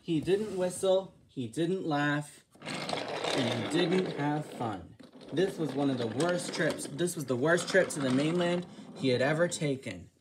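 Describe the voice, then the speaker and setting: Slow-reading woman narrator. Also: low voice, background noise. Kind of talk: storybook narration.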